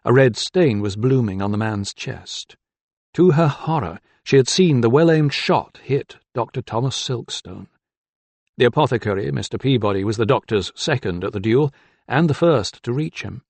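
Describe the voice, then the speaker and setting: A man narrating an audiobook with a dramatic, expressive reading. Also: medium pitch, moderate pace, no echo.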